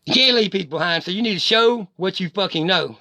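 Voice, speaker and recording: A man's voice: sits high, quick pace, sharp tone, no room sound. A middle-aged man, delivering a heated, profane rant straight at the camera. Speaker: vlogger. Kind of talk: angry direct-to-camera rant.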